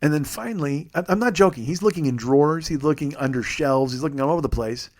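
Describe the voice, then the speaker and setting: A man in his forties, a comedian and podcast host, telling a story in an animated, profane, sarcastic way. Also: fairly high pitch, fast. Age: 40s.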